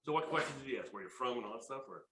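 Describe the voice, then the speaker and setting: A man in his fifties presenting a sales workshop, an excitable, jokey storyteller who laughs often. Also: mid-range voice, rapid-fire, a crowd in the background. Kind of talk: lively workshop talk with stories. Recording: echoey room.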